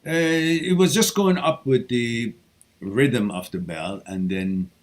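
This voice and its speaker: A man hosting a live stream, answering viewer questions in an animated way, sometimes chanting and swinging between loud and hushed speech. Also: on the low side, slow pace.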